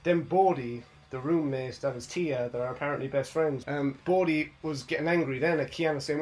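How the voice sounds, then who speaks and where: A man's voice: mid-range voice, a little fast. A young man hosting a casual wrestling recap, rambling along and often tagging on "you know what I mean". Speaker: host.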